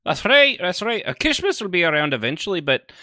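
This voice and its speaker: A man's voice: high voice, sing-song, brisk, sharp tone, slight background noise. A man hosting a casual podcast, joking and rambling as he teases his listeners. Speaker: podcast host.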